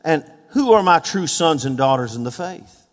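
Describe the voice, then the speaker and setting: A man preaching a sermon, fervent, building to shouted peaks and asking the congregation questions. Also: on the high side, lively intonation, moderate pace. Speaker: pastor. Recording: long hall reverb.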